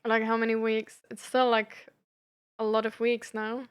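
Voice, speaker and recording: A woman's voice: a little high, little pitch movement, unhurried, clear, resonant tone. A young woman from Germany with a light German accent, chatting casually with her live-stream audience and laughing often. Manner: giggly, chatty, reacts to chat.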